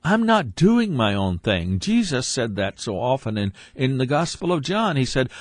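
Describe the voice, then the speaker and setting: A man preaching a sermon, earnest and emphatic, repeating his phrases and dropping low for asides. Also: big pitch swings, moderate pace, no room sound, studio quality.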